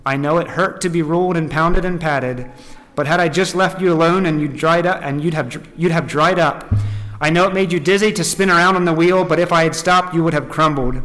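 A man playing a patient master potter who explains things quietly and gently. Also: on the high side, a little fast, close to an everyday voice. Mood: gentle. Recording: echoey hall.

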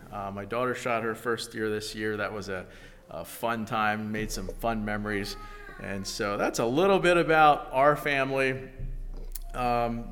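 A man preaching a sermon, telling a story slowly and deliberately before reading scripture. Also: mid-range voice, fairly bright tone, big-room sound. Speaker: pastor.

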